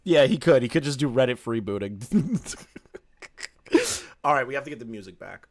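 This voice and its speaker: A man's voice: medium pitch, expressive, normal speed. A man doing live-stream commentary, ranting with lots of swearing and frequent laughter. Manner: profane, ranting, laughs often.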